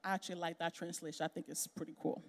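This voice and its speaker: A woman's voice: lowish voice, little pitch movement, racing. A woman preaching a sermon in a church, talking conversationally and laughing with the congregation. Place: church sanctuary. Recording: reverberant church hall.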